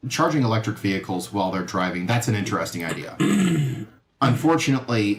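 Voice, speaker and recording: A man co-hosting a gaming livestream, reasoning things out with fillers and teasing his co-host in dry banter. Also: lowish voice. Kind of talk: casual livestream chat. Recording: roomy echo.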